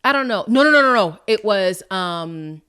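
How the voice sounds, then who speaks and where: A woman hosting a podcast, chatting in a candid, sassy way with frank asides to her listeners. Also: clear, resonant tone. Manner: lively, with quick jumps in pitch. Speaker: podcast host. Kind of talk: casual recap chat.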